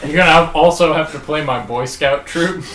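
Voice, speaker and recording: A man's voice: fairly high pitch, brisk, very noisy. A man playing a tabletop game with friends, joking around and laughing often. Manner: jokey, quotes anime lines, laughs often. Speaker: tabletop player. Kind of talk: casual chat at a game table. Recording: echoey room.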